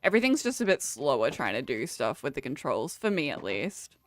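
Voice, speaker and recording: A woman's voice: very deep voice, big pitch swings, brisk, a little hiss or hum. A young Australian woman chatting casually with her viewers while playing a game, laughing often and swearing freely. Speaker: streamer. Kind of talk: casual chat while gaming.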